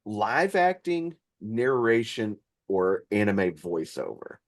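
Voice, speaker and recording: Podcast host: a man asking questions slowly with a lively, varied pitch. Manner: curious, asks questions. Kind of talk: casual interview questions.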